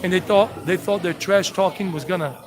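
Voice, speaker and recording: Leading a walking tour on a city street, this fifty-something man from South Carolina, USA, chats casually and tells brash, rambling tales for his vlog. He talks briskly in a high voice, with a crowd and street noise behind him on a low-quality recording.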